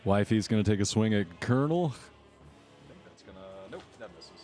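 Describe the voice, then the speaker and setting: A man running a tabletop horror game as game master, giving quick matter-of-fact rulings. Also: lowish voice, very animated, darkish tone, soft background music.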